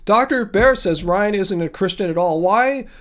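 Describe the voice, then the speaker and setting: A man's voice: high-pitched, animated, fairly bright tone. A man hosting a live Q&A stream, reading chat comments and answering with playful sarcasm. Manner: sarcastic, playful, quick retorts. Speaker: livestream host.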